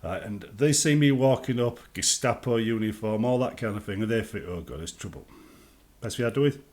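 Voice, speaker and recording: A man's voice: mid-range voice, fairly quick, a little mellow. A British man giving casual advice on a gaming vlog, chatty and acting out everyday greetings. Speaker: gaming vlogger.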